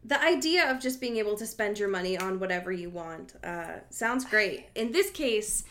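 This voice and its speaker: A woman co-hosting a casual chat podcast, expressive and given to exasperated quips. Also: medium pitch, normal speed, hardly any pauses. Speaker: podcast co-host.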